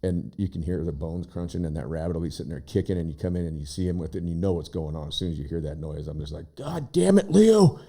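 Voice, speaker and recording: Low, mellow-voiced man telling rambling stories. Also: racing, hardly any pauses. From Oregon. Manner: rambling, animated storyteller who shouts out quoted lines. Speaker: guest, visiting brother. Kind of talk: casual storytelling chat. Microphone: studio microphone.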